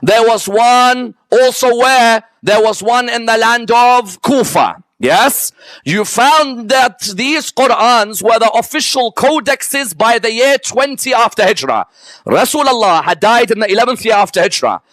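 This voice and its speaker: A man's voice: very high voice, expressive, a bit bright, no echo. A man giving a religious history lecture to a live audience, often asking rhetorical questions and checking in with "yes?" and "correct or no?". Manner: lists items one by one in a slow, emphatic way.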